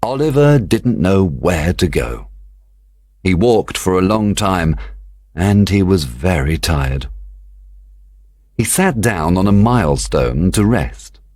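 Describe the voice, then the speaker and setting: A man narrating a children's storybook for young learners, slow, clear and expressive. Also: sits low, no room sound, clean studio sound. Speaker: audiobook reader.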